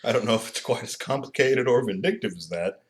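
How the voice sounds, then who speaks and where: Man, podcast co-host, animated storyteller, laughs a lot, pitch swings widely. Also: brisk. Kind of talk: casual chat.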